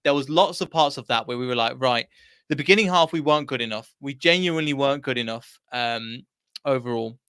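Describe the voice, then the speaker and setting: A man's voice: medium pitch, a little fast, a bit bright, clear, resonant tone, no room sound, studio quality. A man hosting a fan livestream after a match, talking in a frustrated, rambling way. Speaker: fan channel host.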